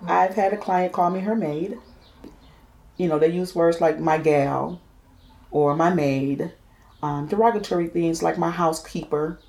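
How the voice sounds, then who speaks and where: A woman's voice: on the low side, a little slow, gravelly, a little mellow. A woman home care worker, telling her story with passion in an oral history interview.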